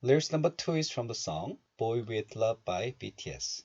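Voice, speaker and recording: A man teaching Korean pronunciation in a recorded lesson. He explains step by step and repeats syllables slowly for learners. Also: fairly low pitch, very animated, a little mellow, slightly rough, lo-fi sound.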